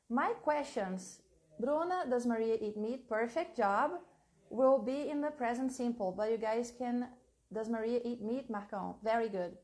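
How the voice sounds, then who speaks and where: A young woman teaching a live online English class, reading chat questions and repeating them slowly and encouragingly for dictation. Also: a little high.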